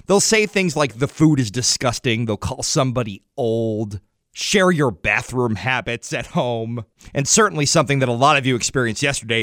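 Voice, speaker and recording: Lively upbeat male radio host. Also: dry recording, clean studio sound. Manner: upbeat, storytelling with lively jumps in pitch. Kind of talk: morning radio talk segment.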